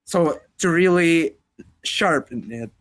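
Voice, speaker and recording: Bright-voiced young Russian-accented man. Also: a little high, expressive, takes it slowly. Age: 20s. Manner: rambling, heavy use of "like", casual swearing. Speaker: podcast co-host. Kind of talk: casual podcast chat.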